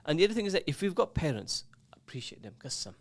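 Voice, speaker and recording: A man's voice: fairly high pitch, very animated, fast. A man hosting a radio talk show, giving earnest, emphatic advice that lists points and repeats them.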